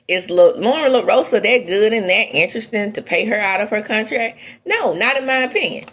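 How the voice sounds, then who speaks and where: A woman hosting a gossip show, talking casually and bluntly in a mid-height voice. Her tone drops into low muttered asides, then jumps up into loud, high exclamations when she makes a point. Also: expressive, fairly quick. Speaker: entertainment gossip host. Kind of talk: opinionated casual commentary.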